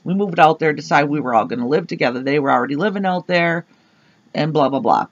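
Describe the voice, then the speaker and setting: A woman co-hosting a podcast, telling an animated, rambling story full of fillers on a dull lo-fi recording. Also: sits low, quick pace, no echo. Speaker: podcast co-host. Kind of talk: casual storytelling chat. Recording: dull lo-fi sound.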